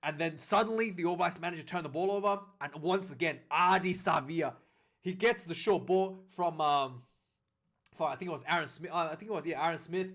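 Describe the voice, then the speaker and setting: Guy with a high voice going over a rugby game, chatty, lots of ums and restarts, gets hyped. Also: a little fast. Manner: excitable, rambling with many fillers and restarts. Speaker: rugby reviewer. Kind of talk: casual match recap commentary.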